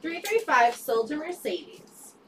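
A woman's voice: high-pitched, expressive, slow, recorded from a distance, slight background noise. A woman helping on a live sales stream, teasing her co-host and calling out which items sold to whom.

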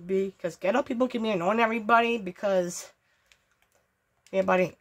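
A woman's voice: medium pitch, moderate pace. A woman hosting a gaming channel, talking casually over gameplay, stammering and repeating herself, swearing and easily riled. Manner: stammering, repetitive, profane, excitable.

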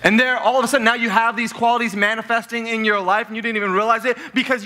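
A man preaching a sermon as pastor, talking in a lively, conversational way and joking with the congregation in a church. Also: very high-pitched, quick pace, hardly any pauses. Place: church sanctuary.

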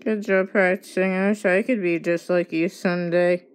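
A woman's voice: fairly low pitch, fairly even intonation, moderate pace, clear, resonant tone. A woman narrating gameplay, talking to the characters on screen and playfully scolding them. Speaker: game player.

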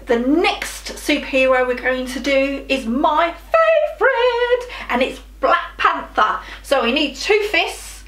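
A woman teacher with a high, lively voice that swoops up and down as she runs a drama game for children. She speaks slowly and cheers them on. The sound is roomy and distant, with music faintly behind her. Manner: animated, encouraging, playful sound effects. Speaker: primary school drama teacher.

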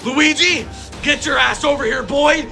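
A man's voice: high-pitched, very animated, moderate pace, over music. Mario, a man doing a hot-tempered plumber. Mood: angry. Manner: angry, threatening. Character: adult male plumber, hot-tempered and bossy.

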